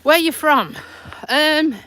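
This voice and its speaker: She has a high voice with a sharp tone and takes her time speaking. The woman, a vlogger from Lincolnshire, England, with a local accent and a stuffy nose, chats casually on a live stream recorded by phone while on a countryside walk. She laughs often, mocks herself and uses dialect words.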